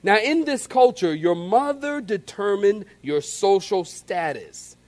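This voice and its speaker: A man with a high, light voice preaches a sermon from the pulpit. He is animated and acts out the scenes, and he calls on the congregation to answer back. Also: takes it slowly. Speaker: pastor.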